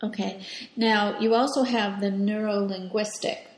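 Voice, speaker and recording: A woman's voice: mid-range voice, fairly even intonation, unhurried. A woman co-host who asks the guest short, curious questions. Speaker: co-host, interviewer. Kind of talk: interview questions. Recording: echoey room.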